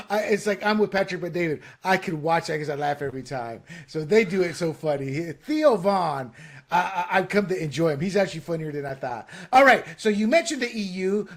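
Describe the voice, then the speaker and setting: A man co-hosts a casual political podcast in a somewhat high voice. He talks excitably, piling up fillers and restarts as he pushes his case. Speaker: podcast co-host.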